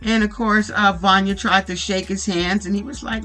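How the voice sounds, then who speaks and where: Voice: medium pitch, steady tone, normal speed, few pauses, bright, forceful tone, faint music behind, low-quality recording. A YouTuber ranting bluntly and profanely while recapping a reality show. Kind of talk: casual profane commentary.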